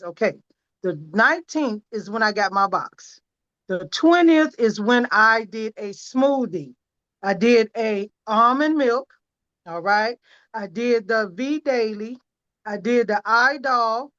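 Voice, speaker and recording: Over a video call from home, a woman gives an earnest, emphatic product testimonial about her own experience, close to tears at times. Her voice is a little high, a bit bright, and smooth, though the audio sounds dull.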